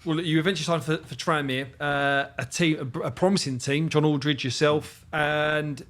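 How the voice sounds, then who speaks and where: Man firing quick follow-up questions. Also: a little high, steady tone, a bit bright. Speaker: podcast co-host. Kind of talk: casual interview chat.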